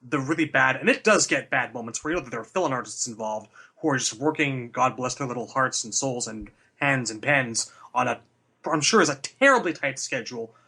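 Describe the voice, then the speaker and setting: Excitable guy reviewing comics, pitch jumps all over, bright tone. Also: husky. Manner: animated, jokey, quick asides. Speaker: podcast co-host. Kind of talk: casual comic review chat.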